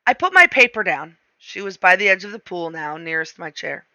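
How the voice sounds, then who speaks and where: Bright, dry-voiced novel reader. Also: mid-range voice, lively intonation, a little fast, dry recording, dull audio. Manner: wry, self-mocking first-person narration. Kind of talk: reading a novel aloud.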